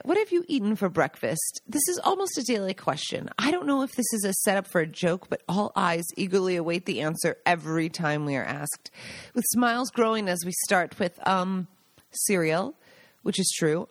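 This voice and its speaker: A woman's voice: lowish voice, no echo. An American woman, a podcast host, reading her own memoir aloud in a conversational, wry, self-amused way. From United States.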